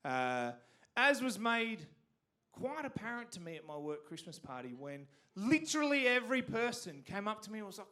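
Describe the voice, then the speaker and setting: A man's voice: sits high, sing-song, moderate pace, pushed and bright. A man with an Australian accent from Canberra doing a stand-up comedy set on a theatre stage, self-deprecating and stumbling over restarts.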